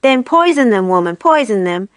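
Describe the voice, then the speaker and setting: Impatient, commanding farmer's wife, put on by a woman reader; drawn-out, bossy delivery, dry close sound. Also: a little high, sing-song, clean tone, dry recording.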